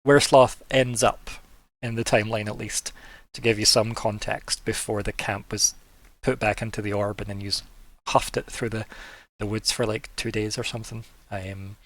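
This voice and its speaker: A man's voice: fairly low pitch, flat delivery, moderate pace, fairly bright tone, no room sound. A man as game master, narrating a tabletop game in a casual, rambling way. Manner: casual, filler-heavy.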